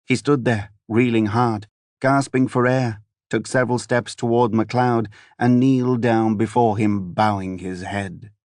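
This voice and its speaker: A man narrating a fantasy audiobook in an even, measured storytelling manner. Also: mid-range voice, no echo, studio quality. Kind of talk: scripted narration.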